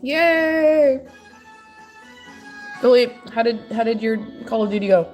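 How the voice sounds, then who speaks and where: A woman's voice: fairly high pitch, little pitch movement, fast, warm tone, faint music behind. A young woman streaming while she crafts, rambling and joking with her chat and laughing often, at home. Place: at home, moving furniture.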